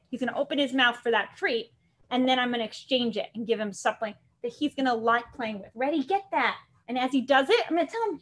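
This is a young adult woman teaching dog training in a live online class. Her voice sits high, and she explains each step in a chatty, upbeat way. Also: fairly bright tone.

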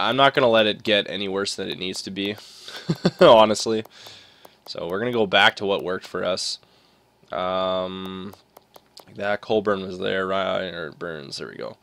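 A young man giving casual commentary while playing a hockey video game, chatty and quick to groan at bad play. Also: deep voice, gravelly, bright, forceful tone. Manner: chatty, reacts with frustration to the game. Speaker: gaming commentator.

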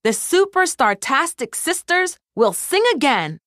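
A woman doing a gentle, confident young toy doctor. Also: high voice, very animated, measured pace, no room sound, clean studio sound, pitched above the performer's own voice, full character voice.

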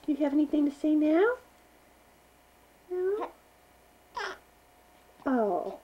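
A woman coos baby talk to her infant on a home video camera, her fairly high voice swooping up and down in a teasing sing-song. The tone is mellow and warm, and she takes her time with unhurried phrasing. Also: sing-song, phone-quality sound. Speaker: mother filming her baby. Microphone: handheld home video camera.

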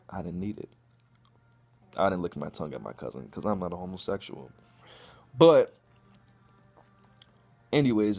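A young man from Chicago tells a crude personal story straight to camera. His voice sits on the low side but leaps up and down wildly as he acts out the lines. He swears constantly and keeps the rant going fast. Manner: profane, animated, acts out quotes. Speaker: vlogger.

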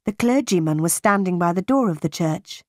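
A woman narrating a graded reader for English learners in a clear, careful, deliberate way. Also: on the low side, lively intonation, no room sound, clean studio sound. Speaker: audiobook narrator.

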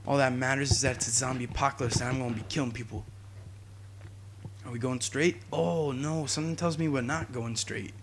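A young man giving jokey, excitable commentary while playing a video game, talking to his viewers and yelling at enemies. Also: mid-range voice, a little fast, a little hiss or hum. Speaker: gaming YouTuber. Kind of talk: let's play commentary.

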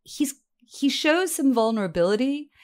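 Animated, laughing woman podcast co-host. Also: high-pitched, normal speed. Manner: animated, laughing, playful asides. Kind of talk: casual podcast chat and read summary.

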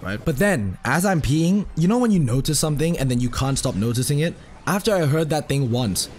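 A man giving casual gameplay commentary, ranting and swearing in a fast, offhand manner. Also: on the high side, darkish tone. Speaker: gaming channel host.

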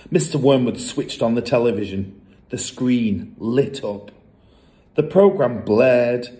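A man reading a children's book aloud in an expressive, lively storytelling manner. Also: medium pitch.

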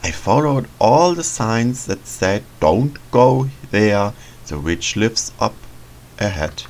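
A man's voice: on the low side, animated, slow pace, a little mellow, a little hiss or hum, low-quality recording. A man voicing a timid, earnest little scarecrow boy in a game. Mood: shy. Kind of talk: reading game dialogue aloud in a let's play.

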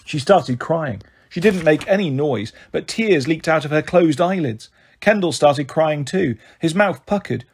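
Husky-voiced man reading a story. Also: fairly high pitch, a little slow. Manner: steady first-person narration. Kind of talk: reading a children's novel aloud.

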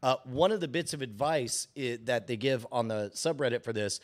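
A man co-hosting a casual podcast chat, laughing often and getting animated as he reads aloud. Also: mid-range voice, moderate pace. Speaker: co-host.

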